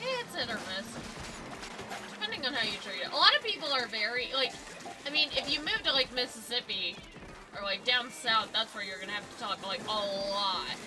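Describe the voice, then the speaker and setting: A woman's voice: fairly high pitch, expressive, normal speed, background noise. A woman streamer chatting casually while gaming, talking in a loose, filler-heavy way.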